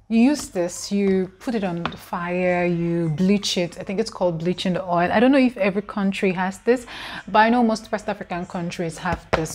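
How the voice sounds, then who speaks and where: A woman talks straight to her camera in a chatty vlog. She delivers an absurd tutorial with a mock-serious, deadpan air, stressing how important each step is. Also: medium pitch, a little hiss or hum. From Nigeria. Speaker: vlogger.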